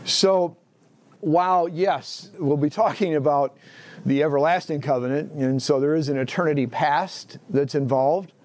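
A man's voice: a little high, measured pace, a little mellow. A man teaching a Bible class in a conversational way, asking the class questions, echoing their answers and restarting phrases as he thinks aloud.

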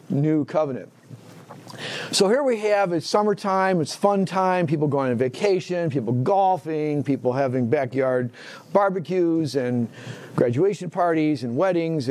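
A man's voice: a little high, darkish tone, a little hiss or hum. A man teaching a Bible class in a conversational way, asking the class questions, echoing their answers and restarting phrases as he thinks aloud.

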